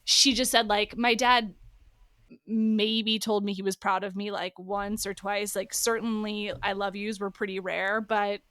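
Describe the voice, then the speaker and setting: A woman's voice: mid-range voice, fairly even intonation, a bit bright, no echo. Thirties woman podcast host, conversational and affirming, dry close mic. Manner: affirming, quick to agree. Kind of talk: casual interview conversation.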